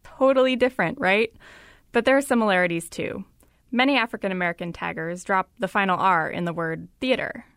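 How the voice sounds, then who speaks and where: A woman's voice: medium pitch, fairly quick, fairly bright tone, dry recording. A woman reporter giving scripted, conversational podcast narration.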